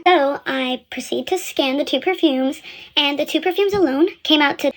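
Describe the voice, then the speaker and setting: A woman's voice: sits high, a little fast. A young woman who works in retail, telling a story in a casual, blunt way with lots of fillers and some swearing. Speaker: retail store employee.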